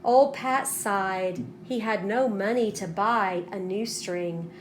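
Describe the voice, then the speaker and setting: A woman teacher reading a storybook aloud to students in an expressive way, stopping to ask them questions. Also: mid-range voice, a little hiss or hum. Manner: slow, expressive, pauses to prompt students.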